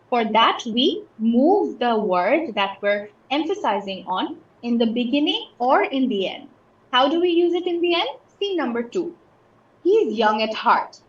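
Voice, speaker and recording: A woman from Bangladesh teaches an English lesson, working through example after example and checking that students understand. Her voice sits a little high. The audio is somewhat dull and echoey, like an online class. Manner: patient, explains with many examples and checks understanding.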